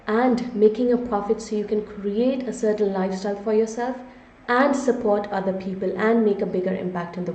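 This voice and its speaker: A woman's voice: medium pitch, warm tone. Upbeat woman hosting a live webinar. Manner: upbeat, frequent "okay?" check-ins with viewers. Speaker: webinar host and business strategist. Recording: echoey room, slightly dull lo-fi sound.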